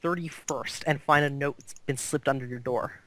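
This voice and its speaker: A man's voice: mid-range voice, fairly even intonation, moderate pace, a bit bright, a little hiss or hum. A man running a tabletop game as game master over voice chat, talking hesitantly with many ums as he makes things up. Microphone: online voice chat mic.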